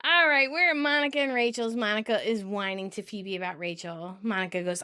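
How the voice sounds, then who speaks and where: A woman's voice: mid-range voice, sharp tone, clean tone. A woman co-hosting a podcast, recapping an episode in casual chat and laughing often as she narrates. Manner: giggly, quick to laugh while narrating. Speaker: podcast co-host.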